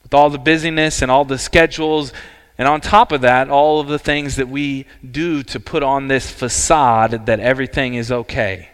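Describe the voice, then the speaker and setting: A man preaching a sermon as pastor, earnest and emphatic, with dramatic pauses. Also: mid-range voice, fairly even intonation, fairly bright tone, smooth. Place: church sanctuary. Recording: church hall reverb.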